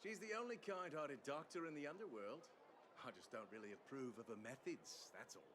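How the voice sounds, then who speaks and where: An actor voicing a blunt, weary miner in a game, with a stereotypical Australian accent. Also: male voice, mid-range voice, a little fast, fairly bright tone, a little hiss or hum, close to an everyday voice. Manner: blunt and dismissive.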